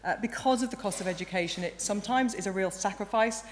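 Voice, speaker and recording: A woman in her forties gives a ceremonial address to graduates, earnest, with a slight croak in her voice. She sometimes stops to correct herself. The long reverb of a large hall and a faint hum surround her voice. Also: medium pitch, quick pace. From England. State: croaky, emotional. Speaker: university chancellor giving graduation address. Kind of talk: ceremonial speech. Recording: reverberant hall, light background noise.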